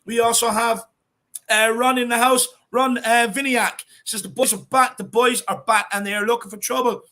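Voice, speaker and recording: A man with an Irish accent co-hosting a fan show, chatting casually and reading out viewer comments with shout-outs. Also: extremely high pitch, steady tone, normal speed. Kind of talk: casual live-stream chat.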